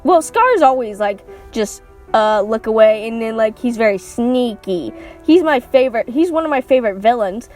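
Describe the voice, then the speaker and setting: A woman's voice: a little high, lively intonation, normal speed, darkish tone, faint music behind. A woman vlogger ranting through a casual movie review, sarcastic and swearing, acting out what characters say. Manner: sarcastic, swears, acts out quotes.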